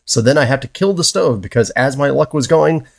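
A man's voice: medium pitch, animated, a little fast, vocal fry, dry recording. A man co-hosting a podcast, telling brewing disaster stories and reading listener letters in a dry, wry way. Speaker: podcast co-host.

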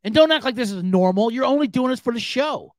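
Man, podcast host; high, lively voice, casual swearing rant. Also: quick pace, dry recording. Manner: animated, profane, ranting.

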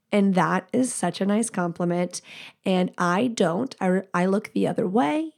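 A woman's voice: medium pitch, normal speed, gravelly. A woman hosting a podcast alone, talking candidly and rambling, swearing freely and acting out what other people say. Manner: candid, rambling, profane, quotes people in animated voices. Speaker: podcast host. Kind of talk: casual solo podcast talk.

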